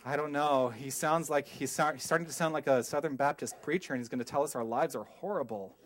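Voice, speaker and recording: A middle-aged man preaching a sermon as a minister, emphatic and animated, putting questions to the congregation and wandering off on tangents. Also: a little high, brisk.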